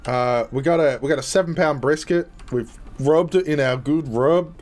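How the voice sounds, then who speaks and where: Man doing a folksy Southern American barbecue guy, put-on Southern drawl, high and loud, homespun. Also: normal speed, close to an everyday voice. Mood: hearty.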